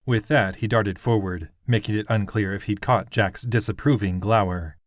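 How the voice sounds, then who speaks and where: A man narrates a fantasy audiobook in a steady, even storytelling manner. His voice sits on the low side at a moderate pace, with clean studio sound and no echo.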